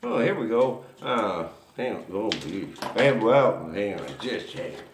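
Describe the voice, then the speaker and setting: A man's voice: lowish voice, sing-song, unhurried, echoey room, a little hiss or hum. A man hosting a racing history show, rambling through a folksy story with lots of chuckles and asides.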